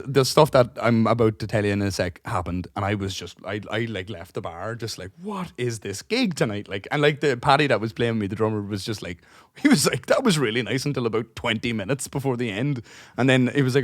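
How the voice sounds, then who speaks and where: A man tells a long, meandering story in casual podcast chat. He swears often, restarts his sentences and acts out what everyone said. His voice is mid-pitched and sounds dry and close to the mic. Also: no room sound. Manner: rambling, swears a lot, acts out dialogue; restarts and trails off while telling stories. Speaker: podcast co-host.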